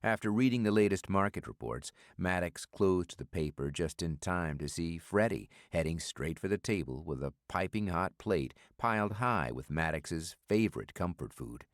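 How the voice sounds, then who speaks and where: A man reading a thriller audiobook in a steady, measured scripted narration. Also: low-pitched, no echo, clean studio sound.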